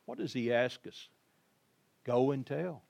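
Pastor preaching with swelling emphasis. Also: male voice, mid-range voice, a little slow, creaky. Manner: storytelling, swings from quiet to loud emphasis; direct address to the congregation. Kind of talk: Easter sermon.

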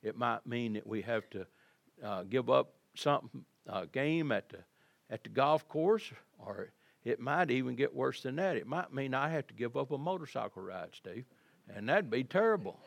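Older preacher guy, gravelly voice, folksy and rambly, dry close sound. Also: mid-range voice, animated, normal speed, dry recording. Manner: folksy, conversational preaching with repetitions. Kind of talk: sermon.

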